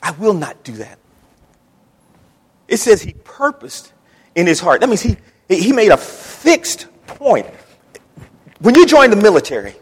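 A middle-aged man preaching a sermon in a church, emphatic and repetitive, building up to shouting. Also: high-pitched, breathy edge. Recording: long church reverb.

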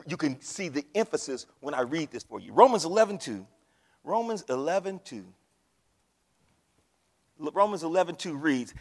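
A man preaching a fervent sermon to his congregation, often swelling to shouts. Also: a little high. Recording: long hall reverb.

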